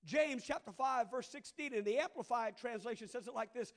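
A middle-aged man with a Cajun Louisiana accent preaching a sermon, moving between soft conversational asides and loud, drawn-out preaching. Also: very high voice. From southern Louisiana. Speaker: pastor.

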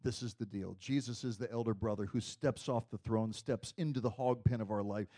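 A man preaching a sermon in a conversational, storytelling way, dropping to a hush and then rising to loud emphasis. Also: fairly low pitch, brisk, hardly any pauses.

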